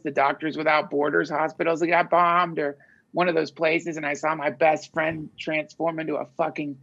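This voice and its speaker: A man talks in loose, searching sentences, swearing freely as he thinks aloud. His voice is gravelly with a husky edge. The audio is dull and lo-fi, like a podcast recording. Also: fairly high pitch, a bit bright. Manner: rambling, profane, searching. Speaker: podcast guest. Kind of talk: casual conversation.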